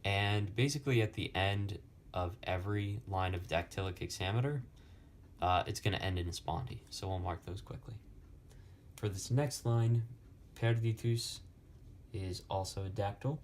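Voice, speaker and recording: A young man slowly explaining Latin poetic meter in a lesson, with many pauses and fillers. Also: sits low, slight background noise. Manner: slow, halting, many fillers. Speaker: Latin tutor.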